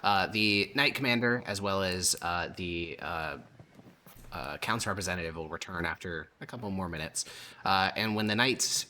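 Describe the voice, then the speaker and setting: Low-pitched man narrating as game master, bright tone, relaxed with lots of fillers. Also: normal speed, slight background noise.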